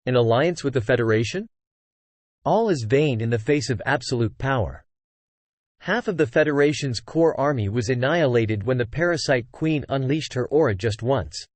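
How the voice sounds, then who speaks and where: A fiery, frustrated man speaks bluntly, read by a text-to-speech male voice. The pitch moves in a lively way, and the recording is dry and close. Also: normal speed, no room sound, close to an everyday voice. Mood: grim. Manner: heated and blunt.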